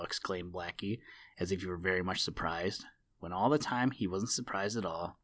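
A man narrating a children's animal story at a steady storytelling pace. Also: low-pitched, moderate pace.

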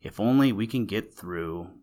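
A man voicing a calm young male schoolboy who speaks matter-of-factly in a storybook reading. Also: on the low side, measured pace, lightly acted.

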